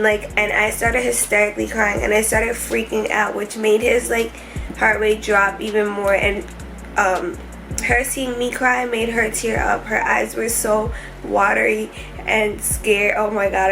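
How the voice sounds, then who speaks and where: A young woman telling her hospital story to camera in a casual vlog, emotional and rushed, with many fillers. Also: a little high, steady tone, vocal fry, a bit bright, faint music behind, poor audio. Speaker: vlogger. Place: hospital room.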